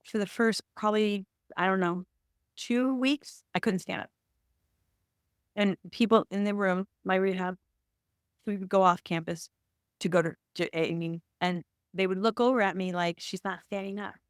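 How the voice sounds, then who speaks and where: A woman's voice: medium pitch, normal speed, long pauses, clean tone, no echo, clean studio sound. A woman, an actor and producer, speaking as a podcast guest in an emphatic, candid storytelling style, with many restarts and reenacted quotes.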